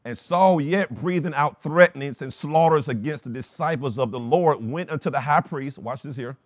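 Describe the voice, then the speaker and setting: A man's voice: on the high side, normal speed, no echo, highs cut off. A male pastor preaching a sermon, reading scripture aloud and calling on the congregation to answer back. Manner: preaching with call-and-response prompts; reads scripture aloud between points.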